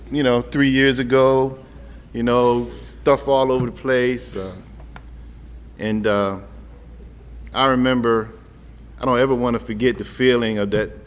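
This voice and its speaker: A middle-aged man with a mid-range, slightly bright voice tells his recovery story to an audience, speaking directly to the crowd with humor and a conversational tone. The recording has long hall reverb and faint ambient noise.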